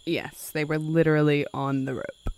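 Wry woman podcast host, warm low voice. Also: level tone, moderate pace, clear, resonant tone, no echo. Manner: dramatic when reading quotes, wry asides. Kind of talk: conversational history podcast, reading passages aloud.

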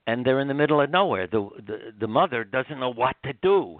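An older man, a guest author, telling heartfelt stories in an animated, rambling way with many restarts, heard over a phone line. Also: medium pitch, normal speed, few pauses, no echo. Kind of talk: storytelling interview.

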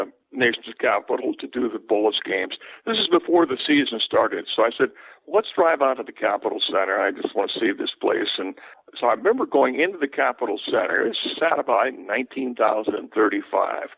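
An older man, a veteran sports broadcaster, telling relaxed anecdotes as an interview guest. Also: mid-range voice, vocal fry, slightly rough, dry recording. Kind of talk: casual interview, storytelling. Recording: tinny phone line, dry.

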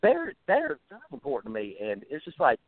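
A man's voice: fairly high pitch, wildly swooping pitch, a little fast, no echo. A man with a rural American drawl, ranting bluntly and with a lot of profanity as a musician guest in an interview, stumbling over his words as he goes. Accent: rural American Southern-style drawl. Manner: blunt, profane, fired-up ranting with many restarts. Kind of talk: phone interview. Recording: tinny phone line, dry.

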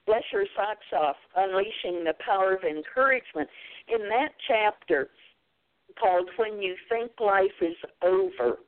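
Slow, earnest older woman on a tinny line. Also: medium pitch, animated. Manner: earnest storytelling, quoting scripture and her own words. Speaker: guest author. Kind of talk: faith-based talk show conversation. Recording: phone-like narrow sound.

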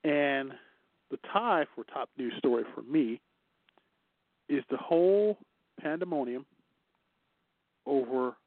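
A man's voice: medium pitch, lively intonation, slow pace, long pauses, no room sound. A man co-hosting a casual news chat show, chatty and teasing, laughing often. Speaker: co-host. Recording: dry, tinny phone-like line.

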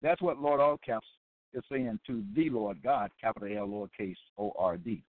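A man giving a sermon-style Bible lesson, deliberate and repetitive, often stopping to check that listeners follow. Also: lowish voice, dry recording. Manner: deliberate and repetitive, with many fillers and check-ins. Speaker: Bible teacher. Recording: tinny phone-like line, dry.

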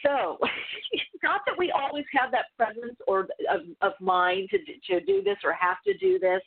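A woman's voice: high-pitched, big pitch swings, measured pace, vocal fry. A woman spiritual teacher telling a story in a casual, rambling way, full of asides and restarts. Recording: tinny phone-like line.

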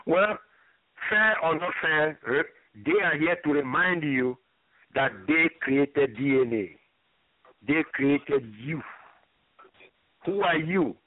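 A man's voice: on the high side, unhurried. A man speaking as a guest expert on a call-in radio show, emphatic and lecturing, repeating his points for effect. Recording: dry tinny phone line.

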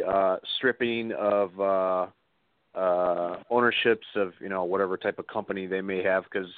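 A lower-voiced male co-host, heard dry and thin like a phone line. He gives his opinion hesitantly, with plenty of pauses and filler words. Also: dry recording. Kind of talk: casual political talk.

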